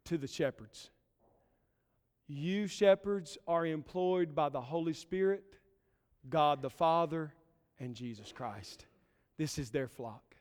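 A man preaches in a slightly high voice, earnest and building his points in short, emphatic phrases. His sermon rings out with the long reverb of a church sanctuary. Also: measured pace, long pauses, a little mellow. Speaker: pastor.

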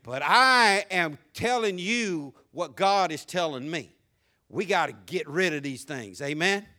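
A male pastor preaching a sermon, animated, moving from soft asides to shouts. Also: on the high side, measured pace.

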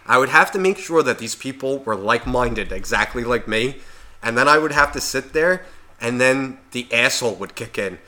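A man's voice: medium pitch, expressive, normal speed, sharp tone. A man co-hosting a podcast in casual chat, ranting and swearing constantly as he works himself up. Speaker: podcast co-host.

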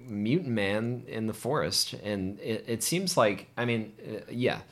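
A man guesting on a podcast, chatting about a horror film with halting, agreeable remarks. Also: lowish voice, a bit bright. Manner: agreeable, halting, lots of backchannel. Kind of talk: casual film review chat.

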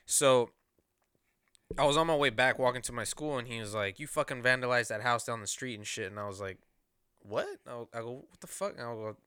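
Young man, crisp bright voice, profane rambling storyteller on a podcast. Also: mid-range voice, a little fast, dry recording, clean studio sound. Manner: profane, rambling, animated retelling. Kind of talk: casual storytelling.

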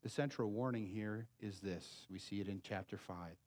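A man preaching a sermon as pastor, pleading and emphatic, swinging between loud urgent passages and quiet low asides. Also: moderate pace.

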